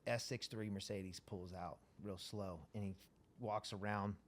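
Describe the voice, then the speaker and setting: A man's voice: on the low side, measured pace, slight background noise. A man telling a story as a podcast guest in casual, profane talk, acting out the lines of the people he describes. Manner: profane, animated, acts out quoted dialogue.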